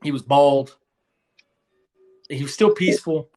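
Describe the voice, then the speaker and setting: A young man recounts his experiences in a loose, earnest interview manner. He rambles and restarts his sentences, filling gaps with "you know", and his voice sits a little high for a man. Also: a little slow, dark tone. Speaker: guest. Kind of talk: casual storytelling interview.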